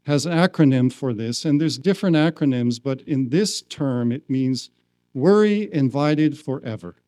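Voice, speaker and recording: A man speaking at a spiritual retreat, telling a personal story slowly and acting out the quoted lines. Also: a little high, warm tone, dry recording. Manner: slow, acts out quoted lines. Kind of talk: storytelling talk. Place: retreat hall.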